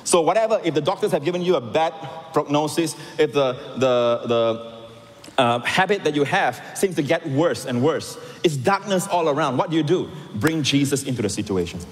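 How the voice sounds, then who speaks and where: A man preaching a sermon as pastor, animated with rising emphatic lines. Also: on the high side, normal speed. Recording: long hall reverb.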